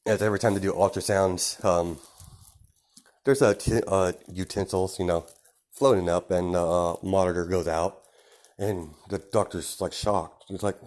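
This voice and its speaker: Very deep-voiced man rambling a story. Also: steady tone, normal speed, darkish tone. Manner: rambling, many fillers. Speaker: fan-fiction storyteller. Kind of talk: casual improvised storytelling.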